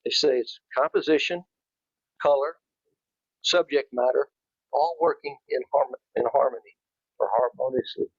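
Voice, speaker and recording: A man's voice: medium pitch, moderate pace, pauses often, slightly rough, no echo, highs cut off. A man giving an informal talk to a club, speaking conversationally and restarting his phrases as he goes. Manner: conversational, repeats and restarts, rising emphasis.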